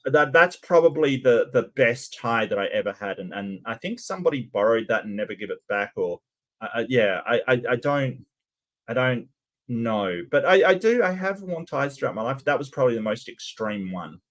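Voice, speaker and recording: A man's voice: medium pitch, very animated, normal speed. A man hosting a reaction video, giving sarcastic, rambling commentary. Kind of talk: casual commentary.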